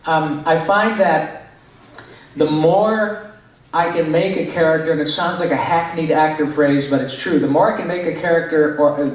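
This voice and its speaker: A man, a voice actor, answering fan questions at a convention panel in an animated way, now and then slipping into character voices. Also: a little high. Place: large echoey convention hall. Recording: echoey hall picked up from far off.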